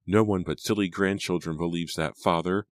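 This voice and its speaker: A man's voice: sits low, fairly even intonation, moderate pace, no echo, clean studio sound, natural voice. A man voicing a defiant teenage girl who pleads and shrieks at her father. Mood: pleading.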